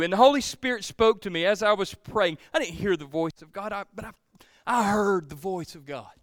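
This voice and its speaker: A male pastor preaching a sermon, swinging from loud pleading to hushed, almost whispered lines. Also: a little high, moderate pace, no room sound, clean studio sound.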